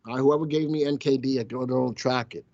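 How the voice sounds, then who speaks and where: A man's voice: medium pitch, steady tone, fast talker, darkish tone, dull audio. A man hosting a casual live stock-market show, teasing his viewers and crew as he talks. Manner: playful, teasing banter with chat. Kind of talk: casual live-stream commentary.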